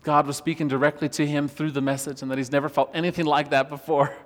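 A worship pastor telling a personal story in a relaxed, conversational sermon, laughing often as he talks. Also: fairly high pitch, fast. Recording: long reverb of a church hall.

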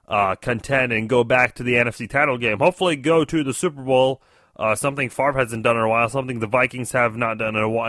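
A man calling in to a sports show, talking through his opinions with a bright, forceful tone. He hesitates a lot and restarts his sentences. The sound is dry and close, with no room around him. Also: medium pitch, dry recording. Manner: hesitant, many fillers and restarts. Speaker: caller, fellow show host. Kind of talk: casual phone-in sports commentary.

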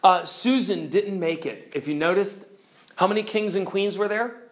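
A woman teacher retelling a story to her class, animated, swinging from bright exclaims to hushed, low dramatic moments. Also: normal speed.

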